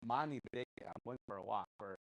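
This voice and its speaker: A man's voice: lowish voice, a little fast, creaky, dry recording, lo-fi sound. A man teaching a casual language class, patiently repeating words and chuckling often.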